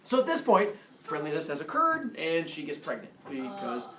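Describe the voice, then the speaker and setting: A man's voice: a little high, moderate pace. A man telling a myth to children in a goofy, playful way, full of silly asides. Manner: goofy, animated, jokey asides. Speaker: storyteller for children. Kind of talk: playful storytime narration. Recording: echoey room, distant mic, noisy.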